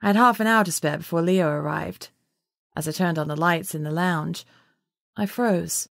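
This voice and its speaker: A woman narrating an audiobook in first person with steady, measured storytelling. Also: fairly low pitch, gravelly, no echo, studio quality.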